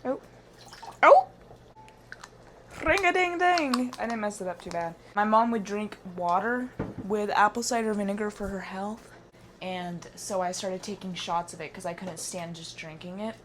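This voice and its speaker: A woman's voice: medium pitch, fairly even intonation, normal speed, slight background noise. A woman cooking in her home kitchen and talking playfully to her viewers, joking as she works, while wearing a mic. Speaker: cooking vlogger. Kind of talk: casual cooking vlog talk.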